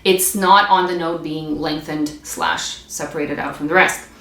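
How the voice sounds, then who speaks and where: Woman music teacher, lowish voice, patient step-by-step explainer, echoey room. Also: steady tone, a little slow, a bit bright. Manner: explains patiently, demonstrates between phrases. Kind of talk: instrumental practice lesson. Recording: echoey room with string playing. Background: bowed string instrument between lines.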